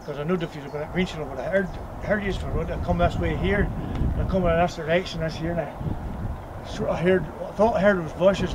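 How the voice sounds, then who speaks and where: An older man, telling childhood stories in a lively way, acting out loud quotes. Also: fairly high pitch. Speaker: childhood friend. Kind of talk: reminiscing storytelling. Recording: outdoor noise with passing traffic.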